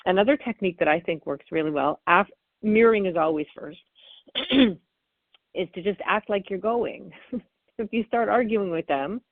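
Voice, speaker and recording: A woman parenting expert answering interview questions, animated and acting out what parents and children say. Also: medium pitch, moderate pace, no echo. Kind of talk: interview answers, explaining technique. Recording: phone-like dry call audio.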